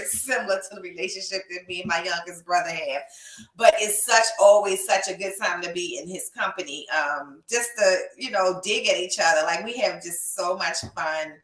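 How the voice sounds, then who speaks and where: Reading viewer comments aloud on her podcast, this young adult woman, also a reptile breeder, gushes with casual, emotional warmth. She speaks in a lowish, fairly bright voice, picked up by a distant mic in an echoey space.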